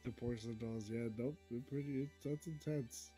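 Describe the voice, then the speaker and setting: Man reacting with quick interjections. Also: medium pitch, fairly even intonation, dark tone, slightly rough, faint music behind. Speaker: podcast co-host. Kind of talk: casual chat.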